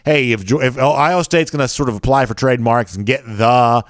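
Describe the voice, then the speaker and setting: A man's voice: medium pitch, fairly quick, dry recording, clean studio sound. A man with a Southern accent hosting a sports show, chatting casually and reading viewer comments with lots of fillers. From American South.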